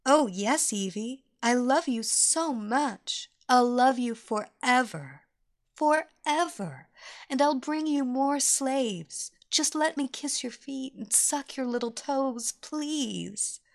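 A woman's voice: sits high, expressive, slow, voice pushed up, exaggerated voice. A woman voicing an adult woman, a former babysitter, who speaks in an eager, pleading way. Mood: adoring.

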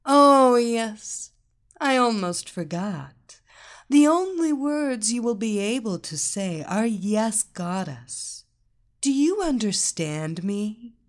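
A woman voicing a seductive blonde villainess who is a hypnotist, giving slow, drawn-out hypnotic commands. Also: on the high side, animated. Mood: commanding, hypnotic. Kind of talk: storybook role voicing.

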